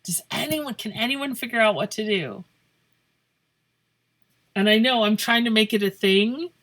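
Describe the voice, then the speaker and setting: A woman's voice: on the high side, lively intonation, measured pace, fairly bright tone. A woman teaching a math lesson in a playful, joking way, thinking aloud as she works through problems. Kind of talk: casual classroom lesson. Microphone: phone camera over paper.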